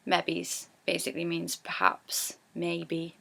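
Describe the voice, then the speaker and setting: A woman with a broad Geordie accent talks through a casual lesson in a chatty, easygoing way. Her voice is smooth and clear, sitting at an ordinary middle pitch. She turns animated whenever she acts out the example phrases. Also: a little slow. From Newcastle, England. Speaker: YouTuber teaching dialect.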